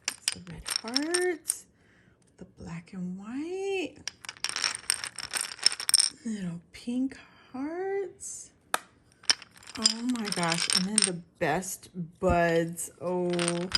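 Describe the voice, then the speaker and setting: A woman hosting her own craft channel, chatting casually and gushing over items as she unboxes them, now and then clearing her throat. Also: on the low side, slow, background noise. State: recovering from illness, clears throat.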